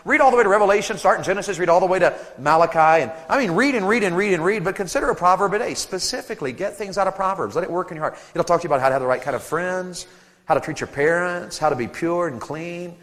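A man in his thirties preaching a sermon to teenagers at a camp, animated and storytelling, acting out voices and joking with the crowd. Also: high-pitched, quick pace, long reverb tail.

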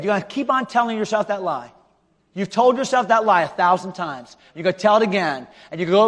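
A male pastor preaching a revival sermon with an altar call, swinging from loud shouting to hushed pleading. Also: high-pitched, animated, brisk. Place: large church auditorium. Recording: long hall reverb.

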